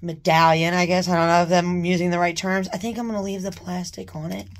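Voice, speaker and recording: A woman chatting casually as she unboxes a new purse, gushing with excited exclamations. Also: on the low side, fast talker. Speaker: unboxing vlogger. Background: paper crinkling.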